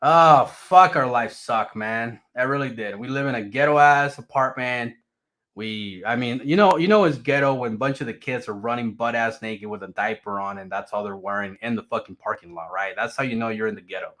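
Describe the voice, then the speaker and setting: A man's voice: mid-range voice, normal speed. A man casually telling a personal story, swearing freely and laughing often. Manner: profane, animated, laughs often.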